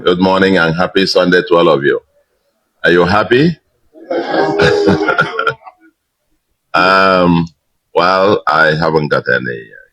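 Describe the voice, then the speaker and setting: Governor in his sixties, very deep, emphatic, measured public address. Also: a bit bright, low-quality recording. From Nigeria. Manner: measured, emphatic, with pauses and fillers. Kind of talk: victory speech.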